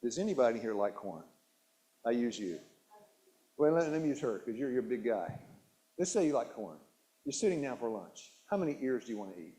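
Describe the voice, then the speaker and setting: A man's voice: mid-range voice, big pitch swings, a little fast, long pauses, dark tone. A man presenting a nutrition talk at a church hall, quizzing his audience with questions, repeating key words and often restarting sentences. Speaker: health seminar presenter.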